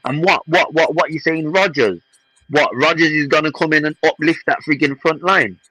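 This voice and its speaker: A man's voice: a little high, normal speed, sharp tone, breathy edge, dry recording, low-quality recording. A man co-hosting a podcast, in fiery and mocking football banter, repeating himself. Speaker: podcast co-host.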